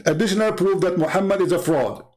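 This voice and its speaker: A man's voice: high voice, fast talker, a little mellow. A man hosting polemical commentary, talking in a mocking, sarcastic way and laughing at his own jokes. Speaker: host.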